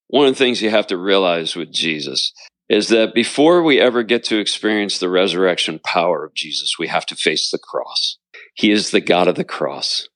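A man's voice: low-pitched, fairly bright tone, no echo. A man, a pastor, telling his story in an interview, with an earnest preaching cadence and repeated phrases. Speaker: pastor and author.

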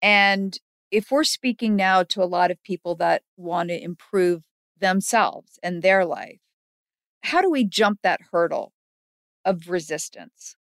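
A woman's voice: on the low side, unhurried, dry recording, clean studio sound. A woman interviewer asking curious, reflective questions and encouraging her guest. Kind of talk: interview conversation.

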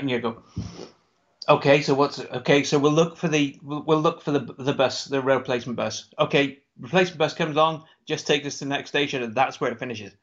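A man's voice: mid-range voice, fairly bright tone. Rambling storyteller man, lo-fi audio. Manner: rambling storyteller, swears, laughs often. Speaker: podcast co-host. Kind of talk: casual chat. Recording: dull lo-fi sound.

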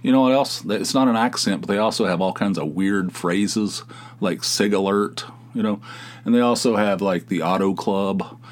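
An American man hosts his own podcast, speaking at normal speed in a somewhat low voice. His casual solo monologue is rambling, meandering, and self-deprecating.

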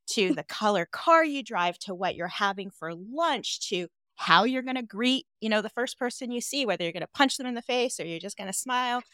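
A woman's voice: a little high, a bit bright, no room sound, studio quality. A woman guest in a casual interview, playful and emphatic, laughing easily as she talks.

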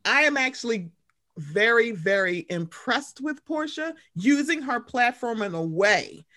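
A woman co-hosting a casual chat, talking in an animated, profane way and acting out quotes. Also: on the high side, unhurried. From Baltimore. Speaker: podcast co-host.

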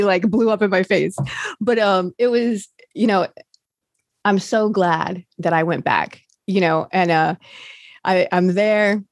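A woman's voice: mid-range voice, no echo, clean studio sound. A woman, now a recovery coach, candidly telling her recovery story in a rambling way, full of fillers and restarts.

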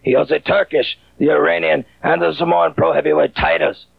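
A boastful announcer with a fake Russian accent rattles off claims quickly. His voice is heavily gravelly. The audio is tinny and thin. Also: fairly high pitch, little pitch movement, no room sound, exaggerated voice. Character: dramatic promo announcer, man, hyping wrestler.

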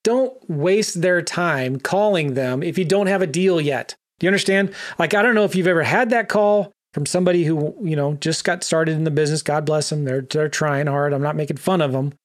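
A man's voice: fairly high pitch, brisk, hardly any pauses. A man teaching land investing, talking emphatically and directly to the viewer. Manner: emphatic, animated, talks straight to the viewer. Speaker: real estate investor teaching. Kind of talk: energetic coaching talk.

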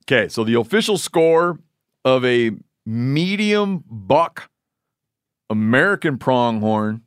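A man hosting a casual podcast chat, joking around and talking fast in bursts. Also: medium pitch, sing-song, clear, resonant tone, dry recording, studio quality. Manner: jokey, talks fast in bursts. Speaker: podcast host.

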